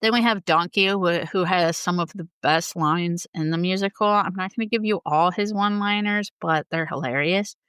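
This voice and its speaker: Giggly woman host with a smooth voice. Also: on the low side, moderate pace, few pauses, fairly bright tone, no echo. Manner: enthusiastic and giggly, reciting quotes. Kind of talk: casual talk about a musical.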